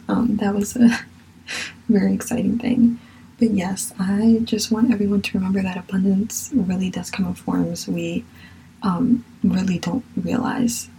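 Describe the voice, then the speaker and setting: A young woman hosting a podcast, talking in a relaxed, rambling way with filler words and casual swearing. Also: mid-range voice, normal speed, vocal fry, a little hiss or hum, rough recording. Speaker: podcast host. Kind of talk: casual chat.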